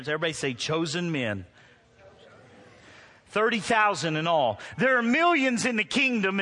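A man's voice: high-pitched, pushed and bright. A middle-aged male pastor preaching to a congregation, mixing humorous stories with emphatic preaching. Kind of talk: sermon. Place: church before a congregation.

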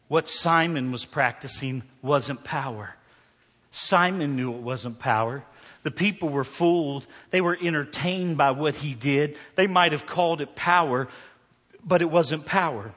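A man preaching a sermon as pastor, telling a story and swinging between hushed, quiet passages and loud, emphatic ones. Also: a little high, moderate pace. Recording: long hall reverb.

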